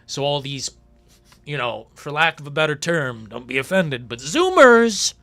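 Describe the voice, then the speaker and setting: A man hosting a live gaming stream, ranting with profanity, swinging from low muttering to loud outbursts. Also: normal speed, gravelly, no room sound. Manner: reads chat messages aloud. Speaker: livestream host. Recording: faint background music.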